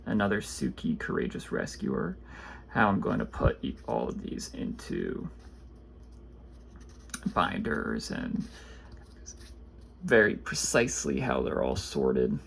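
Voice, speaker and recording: A man casually opening trading card packs, reading card names aloud and chatting about them in a rambling, low-key way. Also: huge pitch swings, slow pace, gravelly, long pauses, a bit bright, a little hiss or hum. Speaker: card pack opener. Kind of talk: casual pack-opening commentary.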